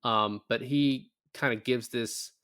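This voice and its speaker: A man's voice: mid-range voice, fairly even intonation, slow, fairly bright tone, smooth, dry recording, clean studio sound. A man co-hosting a podcast, casually recapping a film, acting out quoted lines and swearing freely. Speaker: podcast co-host. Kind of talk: casual movie recap chat.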